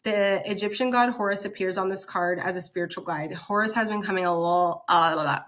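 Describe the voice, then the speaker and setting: A woman's voice: medium pitch, fairly even intonation, a little fast. A young woman giving a casual, enthusiastic oracle card reading, reading card text aloud and chatting between passages. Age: young adult. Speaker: spiritual content creator.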